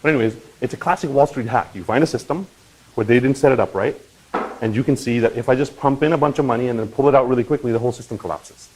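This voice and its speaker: A man hosting a crypto channel, talking in a casual, animated explainer style and often checking in with "right?" and "okay?". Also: medium pitch, fast, a little hiss or hum, rough recording. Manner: animated, swings into loud mock voices and profanity; conversational with frequent "right?" and "okay?".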